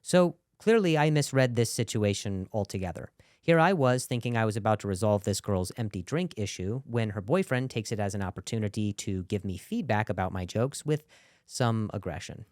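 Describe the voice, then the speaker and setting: A man's voice: on the low side, animated, moderate pace, a little mellow, slight background noise. A young man with a stutter doing a stand-up set, sarcastic and self-deprecating while working the crowd. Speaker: stand-up comedian. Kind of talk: stand-up set with narrated commentary.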